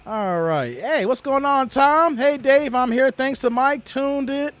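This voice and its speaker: A man's voice: very high voice, animated, measured pace, fairly bright tone. A man hosting a late-night livestream, casually chatting and reading viewer comments aloud in a laid-back, slangy way. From United States. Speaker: livestream host.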